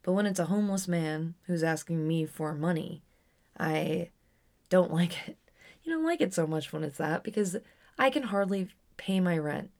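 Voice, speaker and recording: A woman's voice: fairly low pitch, expressive, normal speed, a little mellow. A young adult woman telling a personal story on her podcast in a candid, rambling way with frequent restarts. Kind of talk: casual storytelling monologue.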